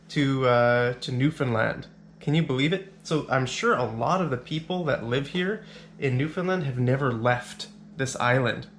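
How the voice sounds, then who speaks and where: A man's voice: mid-range voice, a bit bright. Chatty man vlogging from a rental. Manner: rambling and chatty, with frequent restarts. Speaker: travel vlogger. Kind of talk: casual chat to camera. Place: indoors in a rented apartment.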